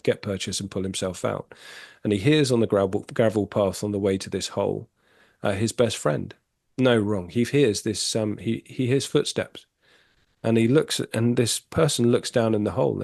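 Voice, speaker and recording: A man talking as a podcast guest in casual storytelling chat, candid and animated, swearing freely. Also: on the low side, vocal fry, no room sound, studio quality.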